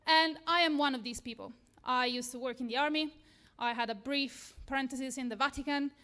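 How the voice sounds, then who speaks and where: Talking briskly in a pushed, bright, fairly high voice, a woman from Italy addresses an audience in an event room, much like a live lightning talk. There's an earnest nervousness to her, plus a self-deprecating edge.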